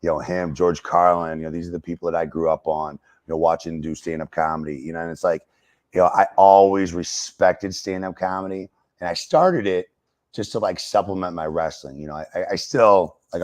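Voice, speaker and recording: Deep-voiced, profane storytelling man. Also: dry recording. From United States. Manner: profane storyteller, lots of fillers. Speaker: wrestler and stand-up comic guest. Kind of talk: casual uncensored interview.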